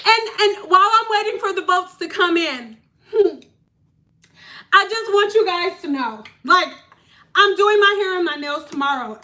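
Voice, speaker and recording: Woman in her 30s, livestream chat, high voice, sing-songy then quiet murmuring. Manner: animated, sing-song, drops to soft murmurs. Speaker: livestream host. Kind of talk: casual livestream chat reading comments.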